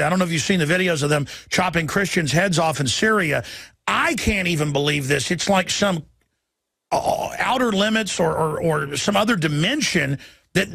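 Gravelly, husky radio host man. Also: high-pitched, fairly bright tone, no echo. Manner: rapid, urgent, stacks topics with many fillers. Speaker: radio talk show host. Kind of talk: political talk radio hosting.

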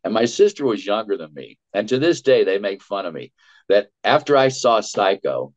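A man, a voice actor, telling lively stories in an interview and acting out the dialogue he quotes. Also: lowish voice, normal speed. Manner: animated storyteller, acts out quoted dialogue. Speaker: voice actor guest. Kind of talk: storytelling interview. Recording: dull lo-fi audio.

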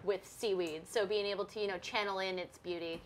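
A woman's voice: medium pitch, steady tone, slight background noise. A young woman game master chatting casually and jokingly during a livestream break. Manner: bubbly and quick, jokes freely.

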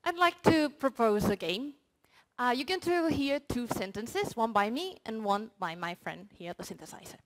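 Woman researcher, slightly high voice, playful, audience-facing short talk. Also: animated, moderate pace, a little hiss or hum, rough recording. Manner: playful, addresses the audience directly with games. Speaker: researcher presenting her project. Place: university hall before an audience.

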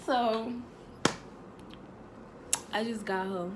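A woman's voice: fairly high pitch, slow pace, pauses often, background noise. A young woman chatting casually in a prank vlog, slangy and swearing, often giggling. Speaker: vlogger.

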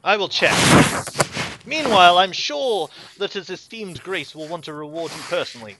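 A man's voice: high-pitched, expressive, moderate pace, heavy background noise, pitched above the performer's own voice. A man voicing a formal, wary official in a lord's manor.

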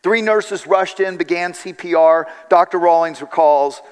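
A man preaching a sermon with a high, light voice and earnest storytelling, acting out the lines he quotes. His voice rings with a long reverb through a large church hall. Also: measured pace, clean tone.

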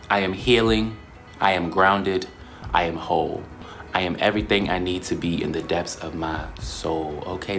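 A young man in a casual vlog, talking in a playful, slangy way and often breaking into high squeals. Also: fairly bright tone. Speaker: YouTuber.

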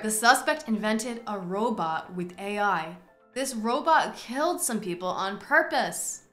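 Bright-voiced woman judging a game. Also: medium pitch, animated. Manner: theatrical, quick swings into loud exclamations. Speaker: streamer playing a courtroom judge game. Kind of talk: playful gaming commentary. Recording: roomy echo with faint music.

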